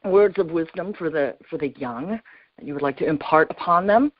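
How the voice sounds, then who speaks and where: A woman's voice: deep voice, moderate pace, no room sound. A woman hosting an interview podcast, who offers brief encouraging reactions and asks her guest questions. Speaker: podcast host. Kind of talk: casual interview. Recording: dull dry podcast audio.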